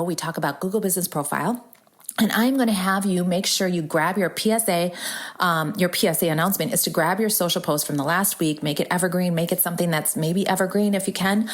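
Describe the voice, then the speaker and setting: Husky, chatty woman podcast host. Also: lowish voice. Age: 40s. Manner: bubbly, chatty, drops into breathy asides. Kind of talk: casual solo podcast chat.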